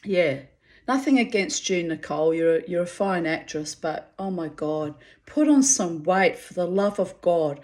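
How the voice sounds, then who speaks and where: A woman's voice: fairly low pitch, normal speed, darkish tone. A middle-aged woman rambles through a personal monologue in a chatty, self-mocking way. She breaks into laughter often as she talks. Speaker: vlogger.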